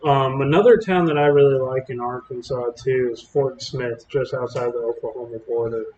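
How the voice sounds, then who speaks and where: Chatty storm-chasing streamer, echoey lo-fi. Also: male voice, mid-range voice, steady tone, moderate pace, darkish tone, a little hiss or hum. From Texas. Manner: chatty, rambling, drawling with fillers. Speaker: live storm-coverage streamer. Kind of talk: casual live-stream commentary.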